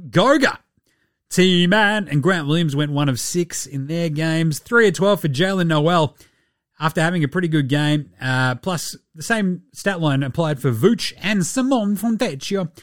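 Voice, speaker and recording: A man hosts a basketball podcast in a fired-up, profane rant. His voice sits a little high for a man. The sound is dry and close, with no room around it. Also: moderate pace, dry recording. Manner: ranting, sweary, animated, puts on mock voices. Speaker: podcast host.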